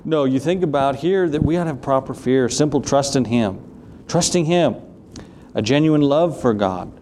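A man's voice: medium pitch, normal speed, darkish tone, slight background noise. A man with a Southern US accent preaching a sermon, moving between conversational asides and King James scripture readings.

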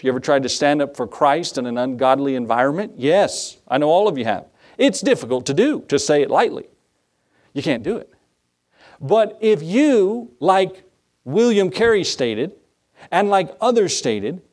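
A man's voice: on the high side, a little mellow. A male pastor preaching a conversational sermon, acting out little dialogues and asking the congregation rhetorical questions.

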